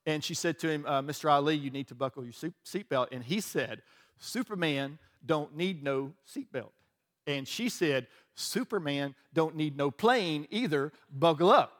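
A man's voice: fairly high pitch, fairly bright tone. A man, a pastor preaching a conversational, joking sermon and often asking his listeners "right?".

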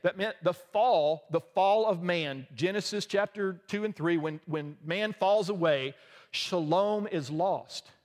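A man preaching a sermon in a casual, joking, conversational way, with quick asides to the congregation. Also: sits high, big-room sound. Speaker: pastor.

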